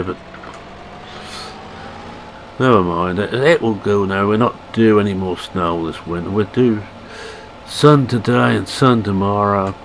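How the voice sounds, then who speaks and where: A man with a Scottish accent giving casual, self-deprecating commentary while playing a farming game, thinking aloud as he goes. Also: lowish voice. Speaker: gaming channel host. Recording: game engine and vehicle noise behind.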